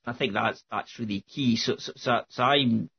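A man's voice: medium pitch, normal speed, vocal fry, husky, muffled recording. A man hosting a casual podcast chat, reflective and hesitant with many fillers. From Scotland. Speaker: podcast host. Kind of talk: casual conversation.

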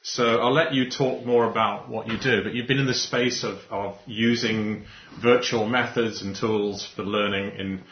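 A man's voice: on the low side, steady tone, normal speed, slight background noise. A man hosting a podcast interview, rambling and restarting with frequent laughs. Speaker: podcast host. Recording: echoey, muffled remote audio.

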